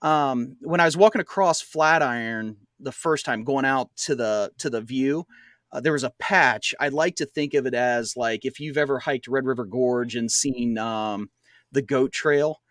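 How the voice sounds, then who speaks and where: Man, podcast co-host, rambling storyteller, plenty of fillers, middle pitch, dry sound. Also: normal speed, a bit bright, dry recording. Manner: rambling, laughs often, many fillers. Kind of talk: casual storytelling chat.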